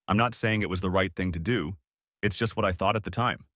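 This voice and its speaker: A man's voice: sits low, fairly quick, a bit bright, no room sound, studio quality. A man voicing a remorseful young wife who pleads and apologizes in a story reading. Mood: pleading.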